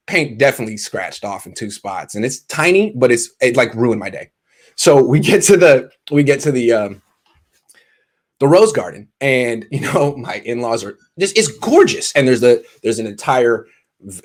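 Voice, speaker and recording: A man telling a casual, animated, self-deprecating story to camera, stumbling and restarting often. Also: medium pitch. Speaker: sports insider and vlogger.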